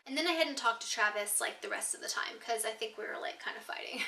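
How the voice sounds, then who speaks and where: A woman's voice: fairly high pitch, fast talker, few pauses, pushed and bright, far from the mic. A woman in her twenties telling a storytime vlog, candid and upset, swearing freely as she recounts her grievance. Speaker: vlogger. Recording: roomy echo, mic set back.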